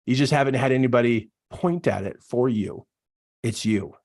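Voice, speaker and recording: A man's voice: medium pitch, normal speed. Emphatic male business coach. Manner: emphatic and repetitive, preaching pep-talk delivery; animated, acts out quoted voices. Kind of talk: motivational talk to camera.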